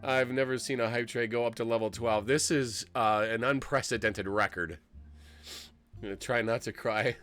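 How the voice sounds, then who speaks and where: A man streaming a game live, shouting excited thanks and then turning tearful and emotional. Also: medium pitch, normal speed, faint music behind. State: close to tears. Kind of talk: live-streamed gameplay commentary.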